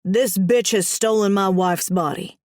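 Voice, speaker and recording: A woman's voice: mid-range voice, measured pace, a little mellow, no echo, studio quality, natural voice. A woman voicing a stern undead grim reaper husband who speaks in short, clipped lines.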